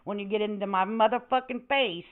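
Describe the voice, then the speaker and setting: A woman's voice: medium pitch, fairly quick. An older woman hosts a livestream in a brash, foul-mouthed, rambling rant. Her voice comes through thin and phone-like, with static crackling in the audio. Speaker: livestream host.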